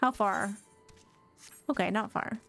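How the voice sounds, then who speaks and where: A woman's voice: medium pitch, slow pace, vocal fry, fairly bright tone, faint music behind. A woman streamer giving chatty, playful commentary as she plays a video game. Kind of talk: let's play commentary.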